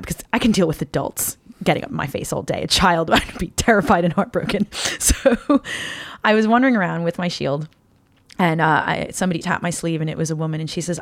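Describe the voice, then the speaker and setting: A woman in her thirties, a cosplayer, telling stories in a lively casual chat and laughing often. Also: on the low side, no room sound. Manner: animated storyteller, laughs often. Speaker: cosplayer guest.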